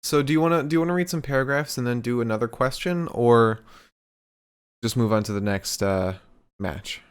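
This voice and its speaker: A man's voice: mid-range voice, normal speed, smooth. A man co-hosting a podcast in casual chat, dry and teasing. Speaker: podcast co-host.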